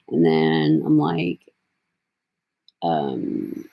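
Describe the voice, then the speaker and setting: Slow, gravelly-voiced woman vlogger. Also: lowish voice, expressive, muffled recording. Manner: rambling, drifting, full of fillers. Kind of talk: casual vlog talk.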